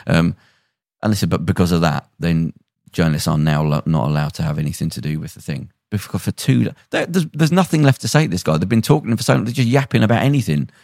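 Brief: lower-pitched male podcast host, chatty and animated, dry studio sound. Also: fast, creaky, no room sound. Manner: animated retelling with acted-out quotes. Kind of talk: casual chat, storytelling.

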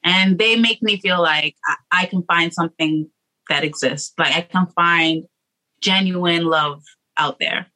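A woman's voice: lowish voice, measured pace, bright, forceful tone, rough recording. A young woman singer, a guest, chatting casually and hesitantly, with many restarts and fillers. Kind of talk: casual interview chat.

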